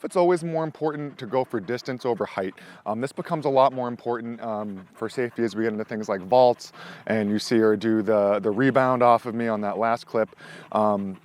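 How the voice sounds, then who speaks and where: A man teaching dog disc tricks in a casual, encouraging demo, mixing explanation with praise and commands to his dog. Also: medium pitch. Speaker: dog trainer.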